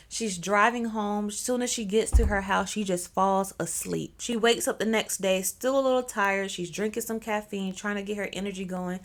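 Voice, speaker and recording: A young woman recounting a story to her viewers in a loose, chatty voice. She breaks off into slangy asides as she goes, and her pitch sits in a steady middle range. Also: moderate pace, hardly any pauses. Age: young adult. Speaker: storyteller host. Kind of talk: casual storytelling.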